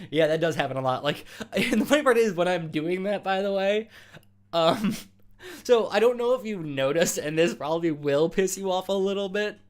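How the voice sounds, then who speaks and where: Laughing, rambling male stream host. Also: fairly high pitch. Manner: rambling and self-interrupting, laughs often, teasing. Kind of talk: casual chat with live chat viewers.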